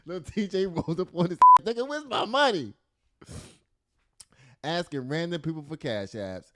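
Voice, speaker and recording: A man hosting a casual celebrity gossip show, reading news aloud with animated, profane commentary and frequent laughter. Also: a little high, moderate pace. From the Bronx. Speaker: podcast host.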